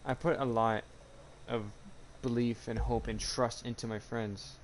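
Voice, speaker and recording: A man talking casually in a personal vlog, halting and rambling with many restarts, earnest and confessional. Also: mid-range voice, steady tone, slight background noise. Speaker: YouTuber. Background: music playing.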